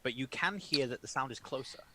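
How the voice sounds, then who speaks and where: A man's voice: medium pitch, a little fast, sharp tone. A man narrating a tabletop game as dungeon master, describing scenes with many filler sounds.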